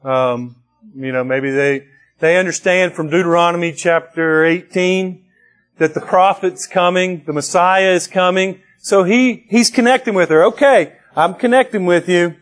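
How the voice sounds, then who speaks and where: Male pastor, slightly higher voice, slow deliberate sermon delivery, conversational with emphatic lifts. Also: fairly bright tone. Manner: slow, conversational preaching with restarts and rising emphasis.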